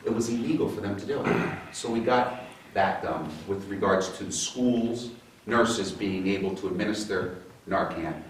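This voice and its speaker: A man's voice: lowish voice, slight background noise. A man, a state senator giving a guest speech at a breakfast event, telling stories in a conversational way with many restarts. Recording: echoey hall, mic from far off.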